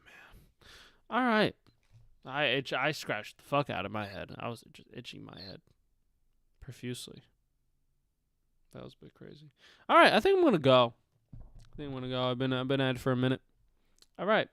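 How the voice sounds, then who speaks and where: A man's voice: mid-range voice, animated, moderate pace, vocal fry, pauses often, a bit bright, clear, resonant tone, no echo, studio quality. A young man hosting a casual sports livestream, talking loosely, laughing, swearing and trailing off. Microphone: headphones on, close mic.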